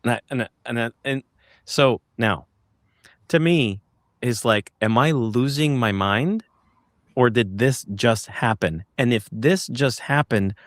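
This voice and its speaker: A man recounting an experience as an interview guest, halting and searching for words with many restarts. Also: medium pitch, no echo, studio quality. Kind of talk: casual storytelling in an interview.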